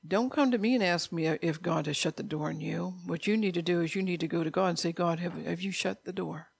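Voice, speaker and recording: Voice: mid-range voice, quick pace, creaky, no echo. A middle-aged preacher giving an informal sermon, blunt and repetitive, scolding listeners in a conversational way.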